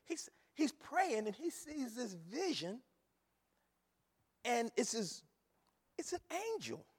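Male preacher, high lively voice, sermon in a reverberant church. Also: takes it slowly, slightly rough. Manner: animated, repeats phrases, rises to shouts. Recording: long hall reverb.

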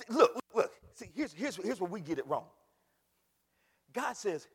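A man preaching a sermon with dramatic swings from shouts to hushed whispers, repeating words for emphasis. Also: high-pitched, sing-song, unhurried, pauses often, breathy edge, big-room sound.

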